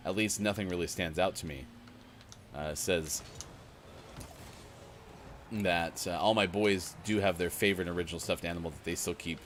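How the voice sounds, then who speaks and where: A man's voice: low voice, steady tone, normal speed, pauses often, fairly bright tone, a little hiss or hum. A middle-aged man co-hosting a morning gaming show, rambling casually with lots of fillers and chuckles. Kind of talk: casual chat while gaming.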